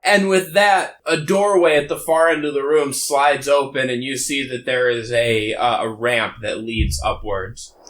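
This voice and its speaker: A man narrating a tabletop game as game master, halting and full of fillers. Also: mid-range voice, flat delivery, a bit bright, a little hiss or hum.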